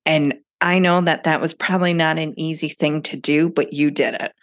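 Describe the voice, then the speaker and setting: A low-pitched woman in her thirties hosts a podcast on her own. She speaks candidly and casually, swearing freely as she encourages her listeners. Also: steady tone, moderate pace. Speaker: podcast host. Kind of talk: casual solo podcast talk.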